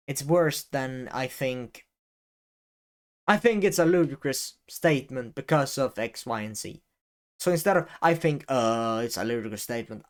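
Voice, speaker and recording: A young man talking casually to camera as a YouTuber, rambling with many fillers and restarts and the odd swear word. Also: mid-range voice. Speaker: YouTuber giving advice. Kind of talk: casual on-camera advice talk.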